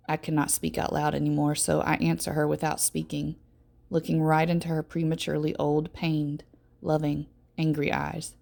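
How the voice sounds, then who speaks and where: A teacher reading a first-person novel aloud to her class in steady, measured narration. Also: sits low, vocal fry.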